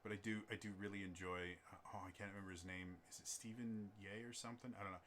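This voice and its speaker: A man talks in a relaxed, rambling chat, often restarting his sentences and filling pauses. His voice is bright and a little low. A faint background noise sits under the recording. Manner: rambling, many fillers and restarts. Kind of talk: casual chat.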